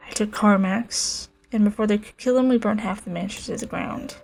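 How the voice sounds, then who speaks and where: A woman voices a heartbroken, bitter young male dragon rider in a game, speaking in a subdued, halting way over faint game music. Her medium-pitched voice is creaky and darkish, lightly acted, carrying bitterness and grief.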